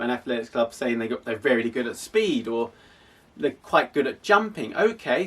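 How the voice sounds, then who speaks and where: A man's voice: medium pitch, a bit bright, distant mic. A young man from an athletics club, explaining casually with frequent restarts. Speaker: athletics club coach and host.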